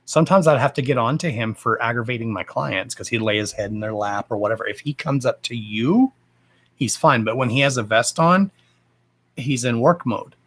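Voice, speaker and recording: A man's voice: medium pitch, normal speed, a bit bright. A man hosting a casual livestream from home, talking bluntly and swearing freely in a fired-up, emphatic rant. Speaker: livestream host.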